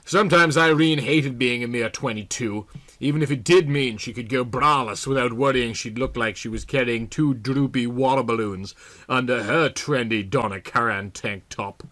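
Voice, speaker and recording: Man, comedic reading, dry, mock-serious, mid-pitched. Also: moderate pace, fairly bright tone. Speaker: reader. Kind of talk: comedic reading of a bad novel.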